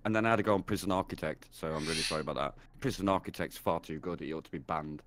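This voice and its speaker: A man's voice: deep voice, racing, background noise. A man hosting a casual podcast, chatty and laid-back, swearing now and then. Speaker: podcast host.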